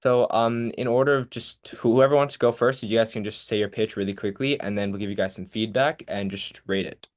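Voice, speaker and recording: A man's voice: fairly low pitch, fairly even intonation, a little fast, hardly any pauses. A teenage boy presenting an online workshop, giving casual, encouraging feedback with many fillers over a video call.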